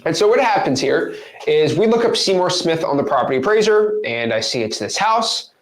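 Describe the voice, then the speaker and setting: A young man teaching real estate with lively energy, acting out phone calls in quick different voices. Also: a little high, a little hiss or hum. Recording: roomy echo.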